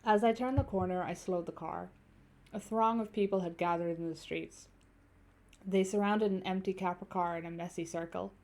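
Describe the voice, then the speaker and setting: A young woman streams a story game, reading the narration aloud at a moderate pace and chatting casually with viewers between passages. Her voice sits on the low side with a steady, darkish tone, and she curses freely.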